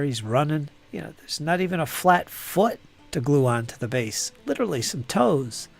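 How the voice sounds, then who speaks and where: A man with a gravelly, somewhat high voice chats casually on a live stream, muttering to himself as he works on models. His voice is getting hoarse. Faint music plays behind him. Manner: rambling, talks to himself while building models. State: losing his voice. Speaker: hobby streamer.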